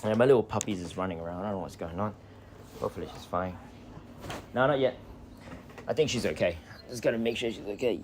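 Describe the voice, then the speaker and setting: Low-voiced Australian man streaming casually. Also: expressive, a little fast, darkish tone, a little hiss or hum. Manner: casual, chatty, loose with swearing. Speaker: game streamer. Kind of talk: casual live-stream chat.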